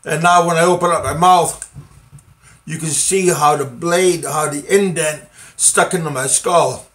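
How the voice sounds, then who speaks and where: A middle-aged man from the United States telling a personal story in a casual, halting way, with many fillers and restarts. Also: on the high side, fairly even intonation, a bit bright.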